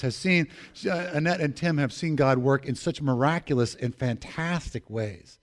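A pastor preaching a sermon, emphatic, repeating key phrases and appealing directly to the congregation. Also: male voice, medium pitch, moderate pace, hardly any pauses.

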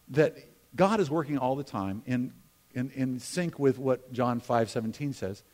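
Preaching in a conversational style, a middle-aged pastor mixes in humorous asides and alternates emphatic statements with quieter, hushed moments. He has a mid-range voice.

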